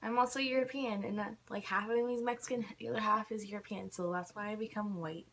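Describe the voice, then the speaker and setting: A woman's voice: mid-range voice, steady tone, fast talker, fairly bright tone. A young woman ranting casually to camera, irritated, filling her talk with "like" again and again. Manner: irritated, fills with "like" constantly. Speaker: vlogger.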